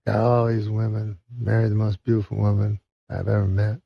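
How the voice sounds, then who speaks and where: A boastful rich man, put on by a man telling a joke, brags in a husky, gravelly drawl. The recording is dull and dry. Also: lowish voice, little pitch movement, brisk, no echo. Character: boastful middle-aged man telling of a genie.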